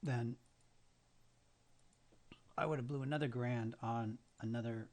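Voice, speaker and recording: A man's voice: medium pitch, fairly even intonation, unhurried, darkish tone. Muttering man with the hiccups. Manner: mutters to himself, frustrated and cursing. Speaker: day trader streaming his trades. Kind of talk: live trading commentary.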